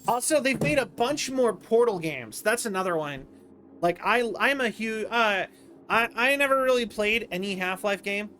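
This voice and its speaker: A man streaming late at night, sleepy and yawning, chatting away in casual livestream commentary. His voice sits high. He rambles, often breaking off and restarting his sentences. Faint background noise hums beneath him. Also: lively intonation, moderate pace, pushed and bright. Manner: rambling, self-interrupting, chatty. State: tired, yawning.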